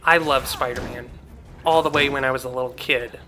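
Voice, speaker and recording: A man's voice: mid-range voice, steady tone, a little fast, bright, forceful tone, faint music behind. A young man hosting a gaming channel, chatting casually and heartfelt over gameplay, rambling with many fillers.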